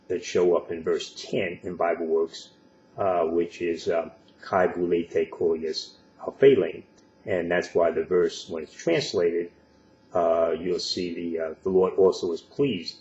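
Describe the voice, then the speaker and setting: Deep monotone guy, lots of uhs, sounds roomy and kinda muffled. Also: a little hiss or hum. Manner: halting, with many filler sounds. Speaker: online video commentator. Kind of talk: casual spoken commentary.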